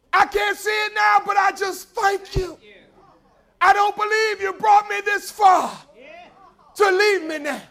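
A preacher putting on a poor widow crying out in prayer. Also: male voice, very high voice, vocal fry, voice pushed up, exaggerated voice. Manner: pleading, shouted prayer. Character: poor widowed woman praying aloud, desperate but thankful.

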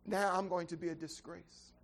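Here is Mary, a frightened young woman pleading softly in prayer, acted out by a preacher in a sermon. Her voice stays hushed and tearful. She sounds overwhelmed by what is happening to her. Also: mid-range voice, fairly even intonation, normal speed, natural voice. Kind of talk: sermon storytelling.

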